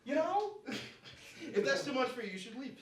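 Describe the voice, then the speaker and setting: A man's voice: very high voice, big pitch swings, moderate pace, very noisy. A man performing a live stand-up set in a comedy club, brash and profane, tagging his lines with "right?" and "you know?". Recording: echoey club room from far off.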